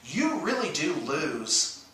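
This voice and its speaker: A man co-hosting a casual morning chat, full of dry self-mocking jokes and stop-start pauses. His voice is bright and lively in tone. He sits back from the microphone in a strongly echoing room. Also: on the high side. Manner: dry, self-mocking humor with frequent hesitations. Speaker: radio show co-host. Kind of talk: casual banter. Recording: echoey room, distant from the mic.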